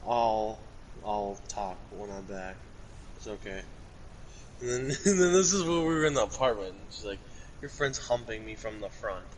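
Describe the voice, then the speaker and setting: A man's voice: lowish voice, animated, moderate pace, slight background noise, rough recording. A young man in casual chat, recounting and reading aloud a string of text messages. He rambles and swears casually. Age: young adult.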